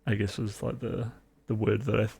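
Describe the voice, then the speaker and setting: A man's voice: on the low side, little pitch movement, fairly quick, vocal fry, a little mellow, husky. A man with a New Zealand accent, rambling wryly through a casual reaction chat as a streamer. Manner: rambling, filler-heavy, wry.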